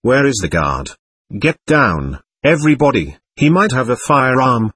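A man voicing an angry, suspicious male politician who shouts in alarm, with a husky voice. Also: mid-range voice, very animated, unhurried, no echo, recorded from a distance, exaggerated voice.

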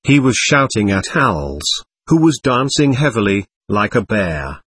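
A man's voice: lowish voice, sing-song, unhurried, a bit bright, slightly rough, no echo. A man narrating an audiobook in the first person, reading with expression.

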